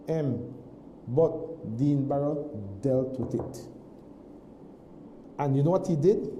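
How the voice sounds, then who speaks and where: A man with a very dark, mellow voice tells a story in an animated way, doubling back on his words. He sits a little above the usual male pitch, and the studio around him is roomy and echoey. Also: a little hiss or hum. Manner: animated, repeats himself, many restarts. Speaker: guest. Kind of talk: casual storytelling on a morning show.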